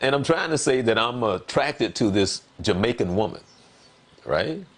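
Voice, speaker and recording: A man in relaxed conversation on a talk show, telling a personal story. He leans on words and repeats them for emphasis. When he acts out what he said, his voice leaps up animatedly. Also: mid-range voice, moderate pace. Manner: animated, voice jumps up when quoting himself. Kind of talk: casual conversation.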